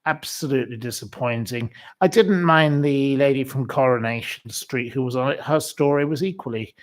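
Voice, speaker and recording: Rambling opinionated man hosting a livestream. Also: mid-range voice. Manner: rambling and opinionated, many pauses and restarts. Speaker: livestream host reading viewer comments. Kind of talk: casual solo livestream chat.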